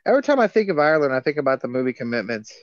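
A man in loose podcast chat, drifting from thought to thought and swearing now and then. The sound is a little dull and dry, and his voice sits at a middle pitch. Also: very animated, very fast, dry recording. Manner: rambling, loose and profane. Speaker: podcast co-host. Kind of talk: casual chat.

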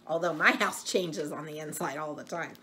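A middle-aged woman reading a children's picture book aloud, expressive, pausing to chat with young listeners. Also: low-pitched, a little hiss or hum. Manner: expressive, slow, chats to the listener between pages. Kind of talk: read-aloud storytelling for children.

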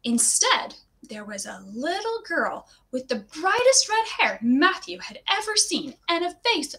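A woman reading stories aloud to children in a cheerful, animated and expressive way. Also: very high-pitched, measured pace. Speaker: storyteller for children. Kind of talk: children's read-aloud storytime.

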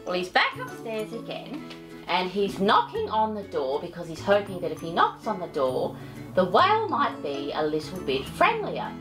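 A woman's voice: medium pitch, wildly swooping pitch, normal speed, music in the background. A woman storyteller reading a picture book aloud, doting and chatty, fussing over her pet between pages. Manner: doting, sing-song and chatty.

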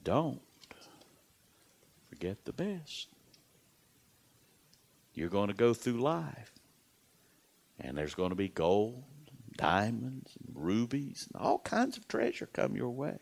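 This is a man preaching, a pastor who tells his sermon as a dramatic story, leaning on repetition and slipping into a hush at the crucial beats. The mid-range voice has a creaky edge, swings widely in pitch, and keeps a measured pace.

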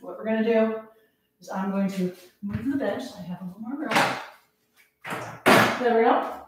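A woman's voice: fairly high pitch, moderate pace, a little mellow, a little hiss or hum. A woman fitness instructor leading a live workout, counting reps aloud, out of breath and laughing at herself. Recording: echoey room, voice from a distance.

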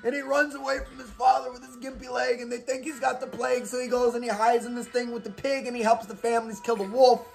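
A man with a high voice retells movie plots in a loose, profane, rambling comic rant. He swears constantly and acts out scenes as he goes. Quiet music sits faintly under him. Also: flat delivery, fast talker, gravelly, few pauses. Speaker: host recommending movies.

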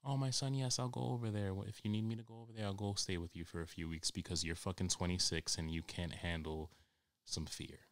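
A man's voice: low-pitched, steady tone, fairly quick, no echo. A man imitating his sweet, doting middle-aged mother in a soothing, motherly way.

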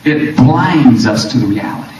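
A man preaching a fiery sermon, swinging from shouts to hushed lines and repeating words as he builds. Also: mid-range voice, animated, normal speed, a little hiss or hum. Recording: very echoey room, mic far off.

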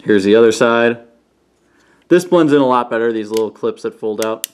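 A man casually reviewing toys on camera, playful, often breaking into goofy high-pitched exclamations. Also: normal speed, clean tone. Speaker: toy reviewer. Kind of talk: casual hands-on product review. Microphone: camera he sets up himself.

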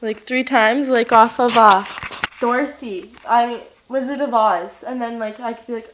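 A woman's voice: on the high side, fairly even intonation, normal speed, fairly bright tone, slight background noise. A young woman rambling to her camera in a silly, giddy, sing-song way, breaking into laughter. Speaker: vlogger. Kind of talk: rambling casual vlog. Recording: echoey room.

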